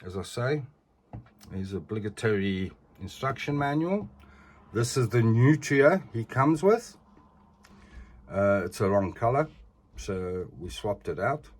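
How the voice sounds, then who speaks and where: Man in his middle years, unhurried and chatty, casual collector vlog. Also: lowish voice, lively intonation. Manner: chatty, tags sentences with "eh". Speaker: collector reviewing figures.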